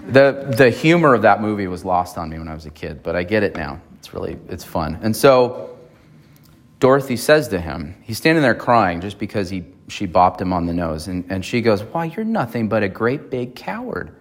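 A lower-pitched man preaching a sermon in a church. He talks in an easy, conversational way and keeps asking his listeners whether they remember. This is a pastor's sermon with a relaxed, chatty delivery. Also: moderate pace. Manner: conversational, checks in with the congregation.

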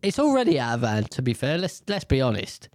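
A man's voice: mid-range voice, huge pitch swings, brisk, darkish tone, no echo, clean studio sound. A man in casual, rambling commentary on the news, swearing freely and often correcting himself.

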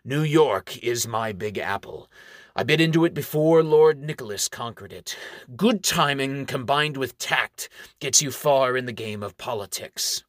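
A man's voice: medium pitch, a little slow, fairly bright tone, no echo, clean studio sound, lightly acted. A man reading the part of a smug, scheming baron who lectures and monologues about his plans. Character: scheming gloating ambitious male baron, middle-aged. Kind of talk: audiobook character reading.

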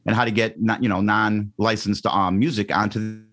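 Male radio DJ, middle-aged, from around Chicago, lowish voice, casual animated interview storytelling, stumbles and restarts. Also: normal speed. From Chicago area, Northwest Indiana. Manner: animated storyteller, acts out quotes, frequent ums and restarts. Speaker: radio DJ guest.

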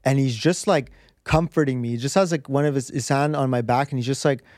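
A man's voice: medium pitch, a little fast, darkish tone, no echo, studio quality. A man as a podcast guest, telling a personal story in an earnest, rambling way with many restarts. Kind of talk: candid storytelling in conversation.

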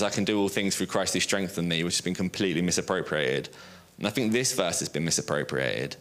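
A man preaching a sermon on a stage before an audience, lively and joking at his own expense. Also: deep voice. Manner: lively, joking, self-deprecating storyteller.

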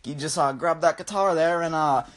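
A man's voice: a little high, brisk, close to an everyday voice. A man voicing a bumbling British music producer, hesitant and full of "uh" and "mate", in a comedic story. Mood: coaxing.

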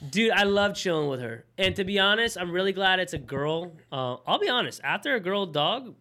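A man's voice: high voice, big pitch swings, fairly quick, pushed and bright. A young man co-hosting a podcast, bantering loosely and swearing as he chats with his friend. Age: young adult. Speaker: podcast co-host. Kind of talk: casual chat.

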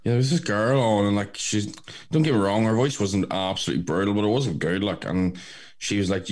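A man's voice: fairly low pitch, brisk, darkish tone. A man in casual chat, blunt and jokey with heavy swearing.

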